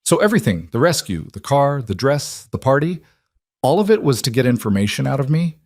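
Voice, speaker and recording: Brief: fierce young woman demanding the truth, read by a man, raised pitch, dry close sound. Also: big pitch swings, brisk, no room sound. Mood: furious. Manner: demanding, sharp questions. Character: frightened, angry young woman confronting a liar.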